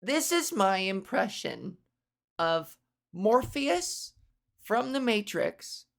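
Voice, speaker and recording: A woman's voice: mid-range voice, big pitch swings, very slow, vocal fry. A woman comedian hosting her podcast, riffing in a rambling, profane, self-interrupting monologue.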